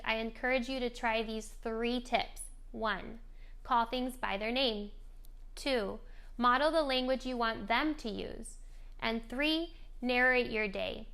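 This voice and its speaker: A woman presenting a scripted lesson for parents on modeling language for young children, coaching in a clear, gentle way. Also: a little high. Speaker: speech therapy presenter. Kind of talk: scripted instructional narration.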